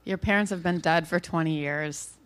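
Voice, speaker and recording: A woman guest doing deadpan comedy improv, keeping a straight face. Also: lowish voice, moderate pace, low-quality recording.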